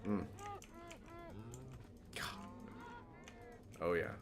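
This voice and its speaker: A man's voice: deep voice, a little slow, music in the background. A man streaming a building game, chatting casually and rambling with a self-mocking humor. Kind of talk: casual gameplay commentary.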